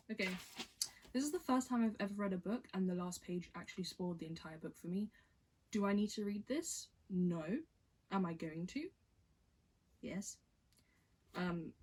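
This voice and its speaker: A woman's voice: mid-range voice, a little mellow, breathy edge. A woman reading a novel aloud for her vlog, stumbling over lines and breaking off to chat and giggle. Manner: stumbling, giggly, self-interrupting. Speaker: book vlogger reading aloud. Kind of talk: casual read-aloud vlog.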